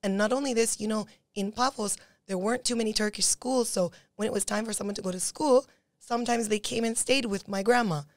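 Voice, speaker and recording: A young woman from Cyprus speaks as a podcast guest, telling a story at a quick clip. She slips into the voices of the people in it. The sound is dry and close. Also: medium pitch, no echo. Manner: fast, animated storytelling that acts out other people's words. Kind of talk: casual storytelling.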